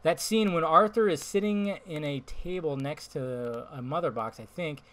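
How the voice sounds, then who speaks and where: A man hosting a casual solo podcast, talking bluntly and excitably, swearing freely and swinging between loud outbursts and mumbled asides. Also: on the high side, moderate pace. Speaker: podcast host.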